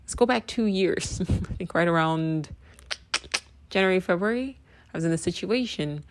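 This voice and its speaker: Lowish gravelly woman podcasting, blunt and sweary, keeps saying right?. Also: normal speed. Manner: emphatic, repeats phrases, asks "right?" often. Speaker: podcast host. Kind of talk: casual opinion monologue.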